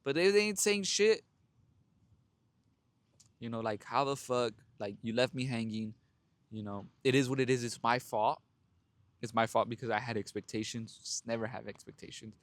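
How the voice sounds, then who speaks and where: A young male podcast host addresses listeners directly in a blunt, profane, casual monologue. His middle-pitched voice moves at normal speed with frequent pauses, recorded close and dry with no echo or room sound.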